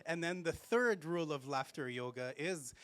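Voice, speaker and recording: A man's voice: a little high, animated, moderate pace, fairly bright tone, dry recording. A man leading a laughter yoga workshop for a live group, playful, giving step-by-step instructions between bursts of laughter and cheers. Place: festival event space with a live audience.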